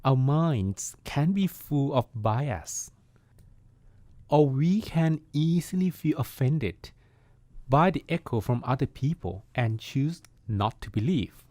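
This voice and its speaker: A man, a Buddhist monk, hosting a podcast and giving a calm, reflective meditation talk. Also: mid-range voice, slow, no echo.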